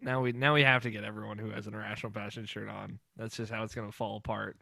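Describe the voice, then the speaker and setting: A man's voice: on the low side, little pitch movement, fast talker, creaky, pushed and bright, no echo, clean studio sound. A young man hosting a podcast in casual, rambling chat, laughing often. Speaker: podcast host.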